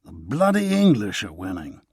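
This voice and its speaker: A man's voice: on the low side, wildly swooping pitch, moderate pace, darkish tone, breathy edge, dry recording, studio quality, heavily acted. A male narrator voicing a blunt, cynical male journalist who talks in a grumbling way.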